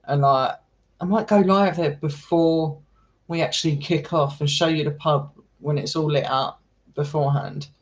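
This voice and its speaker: Talking affectionately with his live stream viewers, this paranormal explorer keeps up a casual, talkative stream of chatter full of "darling" and "sweetheart." His voice is on the high side with a steady tone and moderate pace, and the recording sounds muffled.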